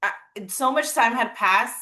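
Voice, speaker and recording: A woman co-hosting a podcast talks in a relaxed, easygoing way. She laughs often and drops short replies while her friend talks. Her voice is bright and clear, a little high. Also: a little slow. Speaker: podcast co-host. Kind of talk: casual chat.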